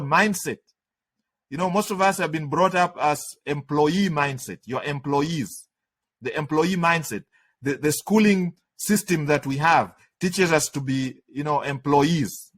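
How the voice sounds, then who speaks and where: A man's voice: on the high side, a bit bright. A man who teaches trading, giving a webinar lecture in an emphatic, conversational way, repeating points and checking in with "okay?". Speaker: trading instructor.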